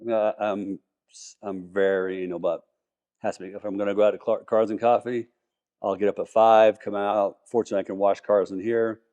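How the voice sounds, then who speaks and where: A man's voice: on the low side, little pitch movement, fairly quick, warm tone, highs cut off. A man talking casually as a podcast guest, enthusiastic and rambling, with many restarts. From Colorado, US. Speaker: podcast guest, car collector. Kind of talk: casual interview talk.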